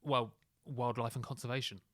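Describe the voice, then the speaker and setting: A man's voice: mid-range voice, level tone, normal speed, a bit bright, dry recording, clean studio sound. A young man co-hosting a podcast, upbeat and teasing in a casual chat. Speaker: podcast co-host.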